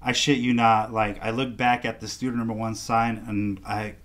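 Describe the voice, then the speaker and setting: A man's voice: on the low side, moderate pace. A man, a guest casually telling a story and acting out the other people in it. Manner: animated storyteller acting out quoted dialogue. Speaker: podcast guest, artist.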